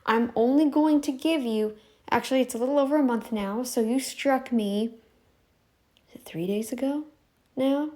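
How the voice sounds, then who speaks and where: A woman's voice: high voice, normal speed, dark tone. A woman talking off camera from her home, repeating her demands in a confrontational way with frequent restarts. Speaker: YouTube commentary channel host. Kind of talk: casual direct-to-camera monologue. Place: home room, not in frame.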